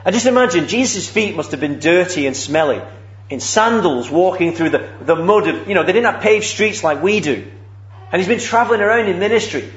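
A man delivers a sermon in an earnest storytelling manner, posing rhetorical questions to his listeners. His voice sits fairly high for a man. The recording sounds roomy and a little dull. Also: a little hiss or hum. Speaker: preacher.

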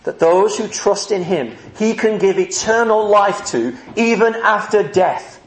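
A man's voice: high-pitched, lively intonation, unhurried. A man preaching a sermon, earnest and emphatic, acting out the people he quotes. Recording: echoey room.

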